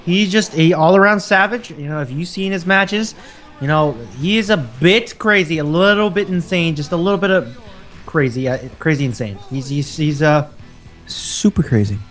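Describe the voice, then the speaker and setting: A man with a slightly raised voice talks loosely in a relaxed, rambling way, cursing now and then. Faint music sits quietly behind him. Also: on the high side, moderate pace. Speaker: co-host, gaming guest. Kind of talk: casual gaming chat.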